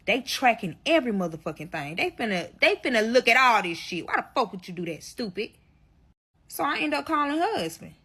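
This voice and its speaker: A woman's voice: on the high side, sing-song, a little fast, sharp tone, breathy edge. A woman telling a dramatic personal story to her viewers in a storytime vlog, swearing freely and talking straight to her audience.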